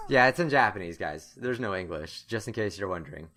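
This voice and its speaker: A man hosting a gaming video, giving excitable let's-play commentary and talking straight to his viewers. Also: low voice, a little fast, a crowd in the background. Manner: animated, laughing, talks straight to viewers.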